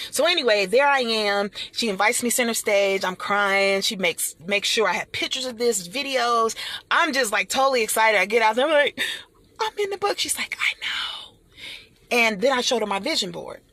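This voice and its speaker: A middle-aged woman giving an animated motivational talk, speaking like a preacher and calling her listeners honey and y'all. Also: medium pitch, slightly rough.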